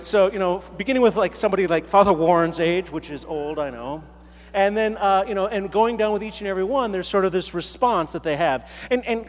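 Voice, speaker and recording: A high-pitched man gives a loose, chatty sermon as a parish priest, often tagging his points with a quick question. His voice rings out through a large church with a long echo. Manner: casual, many fillers and tag questions. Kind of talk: conversational sermon. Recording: reverberant church hall.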